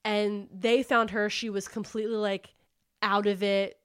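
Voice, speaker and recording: A woman's voice: mid-range voice, a little slow, smooth. A woman hosting a book club podcast, casually retelling a novel's plot and acting out the characters' lines. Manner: animated storyteller acting out quotes, says "like" often.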